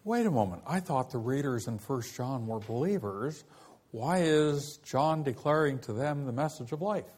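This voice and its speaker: Slowly explaining a Bible passage, a man with a fairly high voice leads a study lesson and asks rhetorical questions as he goes.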